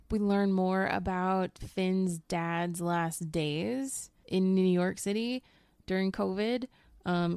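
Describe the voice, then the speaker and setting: Casual woman book reviewer, teacher type, laughs a lot, slight vocal fry. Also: on the low side, darkish tone, no room sound. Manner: chatty, laughs often, swears casually. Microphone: home microphone.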